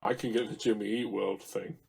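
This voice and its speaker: A man's voice: lowish voice, steady tone, brisk, gravelly, a crowd in the background. A man co-hosting a casual podcast, teasing his friends with joking banter. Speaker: podcast co-host. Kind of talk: casual chat.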